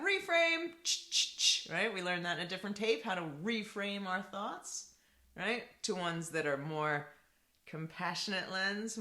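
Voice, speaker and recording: A bright, animated woman therapist teaches to camera, her pitch moving up and down as she repeats key points. She keeps checking in with a quick rhetorical "right?". The voice rings in an echoey room. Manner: lively, repetitive, asks rhetorical "right?".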